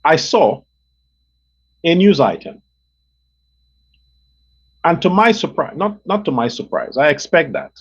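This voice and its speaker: A man's voice: on the high side, sing-song, a little slow, pauses often, slightly rough. A man hosting his own show, delivering an angry, profane political rant that repeats and hammers on words. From Guyana. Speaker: show host. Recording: dull lo-fi recording.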